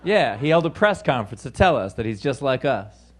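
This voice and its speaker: A man's voice: medium pitch, very animated, brisk. A man doing stand-up comedy, hesitant and sarcastic.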